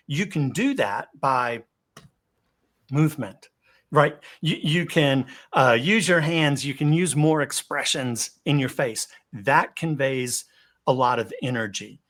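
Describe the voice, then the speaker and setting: A man giving an instructional webinar talk over a video call. He varies his pace, pitch and loudness for emphasis and often repeats a word as he starts a thought. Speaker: webinar guest speaker.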